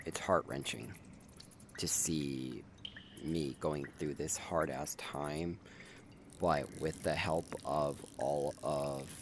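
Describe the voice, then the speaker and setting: A young man with an extremely deep voice talks slowly through a heartfelt update, pausing and sighing as he fights back tears. A steady hiss of noise sits under the recording. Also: vocal fry. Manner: emotional, halting, with sighs and restarts. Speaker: content creator. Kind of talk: personal video update.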